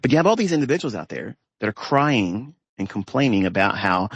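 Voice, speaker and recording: Speaking from a parked pickup truck, a trading teacher delivers an unplanned, scornful monologue and draws out each emphasized word. His lowish, husky voice is very animated, a little fast and short on pauses, captured in a dry recording.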